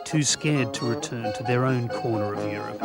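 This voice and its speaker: A man reading scripted documentary narration in a measured, even way. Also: medium pitch, over loud music.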